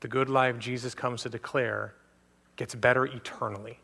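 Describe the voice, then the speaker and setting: A man's voice: medium pitch, steady tone, normal speed, creaky, bright, forceful tone. A man preaching a sermon as pastor, speaking earnestly and addressing listeners directly again and again. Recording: long hall reverb from a church.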